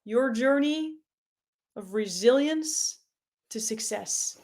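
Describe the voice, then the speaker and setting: A woman hosting an event, introducing the next speaker to the crowd with excitement. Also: on the high side, a little slow. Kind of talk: stage introduction.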